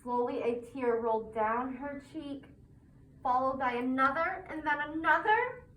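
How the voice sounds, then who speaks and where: A preschool teacher, a woman, reading a picture book aloud to children in a classroom, animated and full of questions. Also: high-pitched, unhurried, a little hiss or hum. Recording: echoey classroom from a distance.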